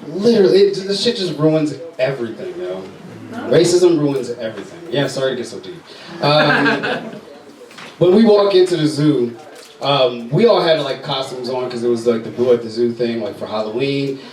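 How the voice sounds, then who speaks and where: A young man works through a loose stand-up set, swearing freely and padding his lines with filler words. His voice sits a little high. He is caught from far back in an echoey club, with the audience laughing all around him. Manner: loose, rambling, profane, many fillers. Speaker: stand-up comedian. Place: comedy club stage.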